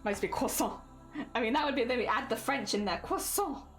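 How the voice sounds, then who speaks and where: With soft music in the background, a young British woman talks fast in a slightly high voice during a casual live stream. She giggles and chats with her viewers as she crafts at home.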